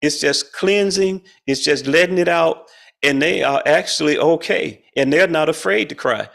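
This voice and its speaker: A man's voice: on the high side, moderate pace, gravelly, fairly bright tone. A middle-aged man leading a spiritual study group over a video call, talking in a folksy, colloquial way and chuckling often. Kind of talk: casual spiritual talk.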